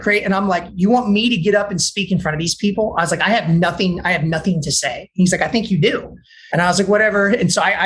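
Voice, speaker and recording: A man from Texas, an addiction counselor, telling his recovery story in an animated way, acting out other people's lines with lots of "like" and restarts. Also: sits high. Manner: fillers like "like" and repeated restarts.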